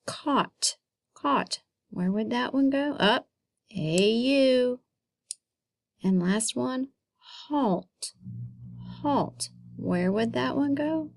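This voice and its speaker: Woman teacher, phonics video for kids; slow, patient, encouraging, close mic. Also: on the high side, creaky. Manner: slow, encouraging, sounds words out for young kids. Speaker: elementary school teacher. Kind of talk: recorded phonics lesson for children.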